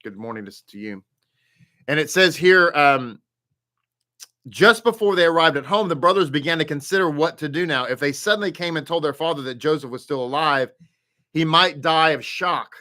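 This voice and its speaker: A man's voice: fairly high pitch, expressive, normal speed, pushed and bright. A man leading a live Torah study, greeting viewers by name and chatting casually before he teaches.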